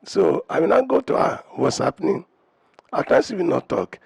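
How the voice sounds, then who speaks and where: A man in his sixties, a husband answering interview questions about his marriage in a measured way. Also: fairly high pitch, very animated, gravelly, a little mellow, slightly rough, no echo. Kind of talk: interview chat.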